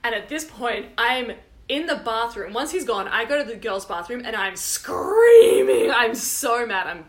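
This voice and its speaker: A young woman, co-hosting a casual chat and telling stories with quick asides. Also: a little high. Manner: animated storyteller, quick asides and laughter. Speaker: podcast co-host.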